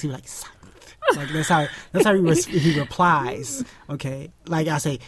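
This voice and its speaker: Woman, podcast co-host, casual chat, low voice, very lively swings in pitch, laughs a lot. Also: moderate pace, crowd noise. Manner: animated, laughs often, acts out voices.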